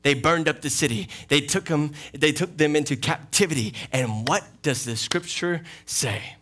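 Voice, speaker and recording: Animated pastor preaching with bright voice. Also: male voice, fairly high pitch, normal speed. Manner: animated, acts out quoted voices, laughs often. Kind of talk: sermon. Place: church sanctuary.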